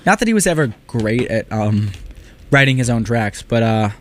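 A man co-hosting a podcast, chatting loosely and playfully. His pitch sits at an ordinary middle height for a man. He rambles a bit and tosses in jokey asides. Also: lively intonation, normal speed, a little hiss or hum. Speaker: podcast co-host. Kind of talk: casual chat.

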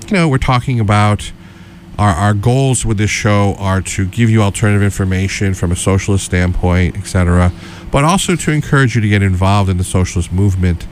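A man's voice: lowish voice, slight background noise. A middle-aged man co-hosting a political radio show, talking casually and rambling with many restarts and fillers.

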